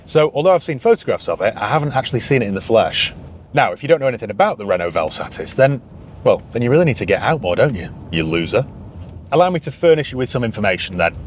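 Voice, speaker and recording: A man's voice: mid-range voice, big pitch swings, fast, slight background noise. A man with a Northern English accent, a used car dealer hosting a casual vlog to camera with dry, sarcastic humour.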